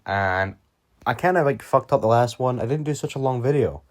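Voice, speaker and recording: A man's voice: mid-range voice, animated, moderate pace. A young man telling a story time video in a casual, rambling way, full of fillers and swearing. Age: young adult. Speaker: YouTuber.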